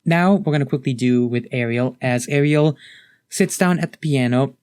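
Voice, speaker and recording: A man's voice: medium pitch, moderate pace, a little mellow, clear, resonant tone, dry recording, clean studio sound. A man narrating a tabletop game as game master in a casual, rambling way with many fillers.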